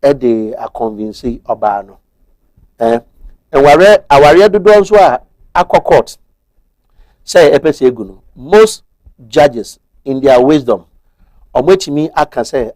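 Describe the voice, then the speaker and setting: A man's voice: medium pitch, lively intonation, a little slow, long pauses, a little mellow, no echo. Methodical Ghanaian man explaining law. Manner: methodical, switches between Twi and English. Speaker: guest explaining marriage law. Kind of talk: explanatory TV talk-show discussion.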